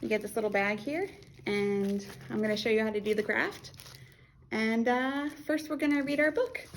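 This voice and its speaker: A woman's voice: fairly high pitch, moderate pace, slight background noise. An American woman working as a children's librarian, reading a picture book aloud and acting out animal sounds in a playful way.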